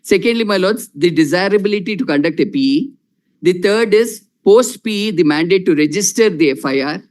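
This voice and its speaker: A man with an Indian English accent arguing a case before judges, measured and formal, repeating "my lords" again and again. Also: high-pitched, animated, darkish tone. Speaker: lawyer arguing in court. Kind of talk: formal courtroom argument.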